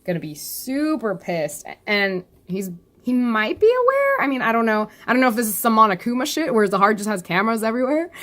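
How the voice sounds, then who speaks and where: A woman's voice: mid-range voice, a bit bright. A woman chatting casually about a webcomic, rambling off topic, laughing often and saying "like" a lot. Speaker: youtuber discussing a webcomic. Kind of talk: casual chat.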